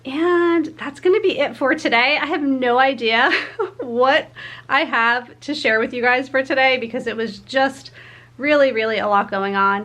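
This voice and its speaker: A woman in her forties vlogging her busy day in a chatty, apologetic way, laughing often. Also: fairly bright tone. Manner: high, sing-song baby talk to her pets. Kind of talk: casual daily vlog.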